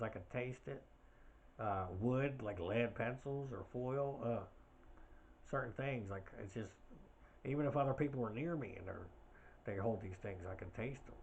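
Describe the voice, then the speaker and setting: A man's voice: mid-range voice, slight background noise. A man hosting a podcast, talking alone in a rambling, hesitant way with many fillers and restarts. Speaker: podcast host. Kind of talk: casual podcast monologue.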